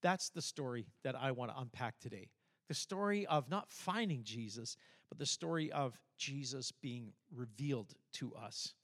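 Speaking at a moderate pace with a medium-pitched voice, an older man delivers a sermon as pastor. His storytelling is animated, and he performs the voices of each character.

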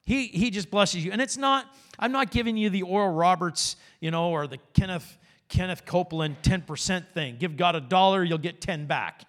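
A man's voice: high voice, moderate pace, a bit bright. A man preaching a conversational sermon in a church, mixing plain talk with anecdotes. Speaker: pastor.

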